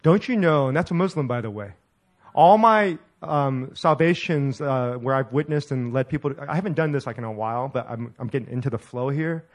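A middle-aged male pastor tells a story during a sermon, animated and laughing as he acts out the dialogue. His pitch is medium and his pace a little fast.

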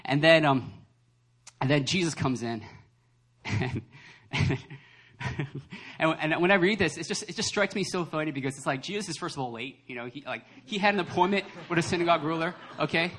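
A young adult man, a pastor, preaching a lively sermon that acts out voices and laughs often. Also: fairly high pitch, fairly quick. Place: church service hall.

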